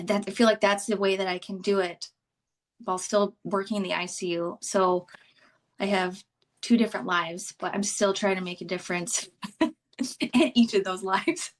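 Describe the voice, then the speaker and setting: Woman guest, ICU nurse, heartfelt, emotional, stop-and-start conversation. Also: mid-range voice. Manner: heartfelt and emotional, rambling restarts. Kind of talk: conversational podcast interview.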